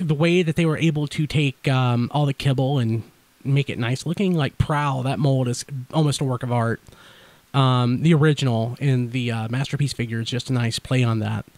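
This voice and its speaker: A man hosting a podcast in casual chat, talking fast and blurring his words together, wide awake and energized. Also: mid-range voice, no echo. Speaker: podcast host.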